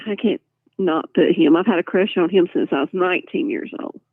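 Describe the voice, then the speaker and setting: A woman's voice: fairly low pitch, fairly quick, dry recording. A woman chatting casually and playfully on a live stream, answering viewer comments with frequent laughter. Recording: tinny phone-like line.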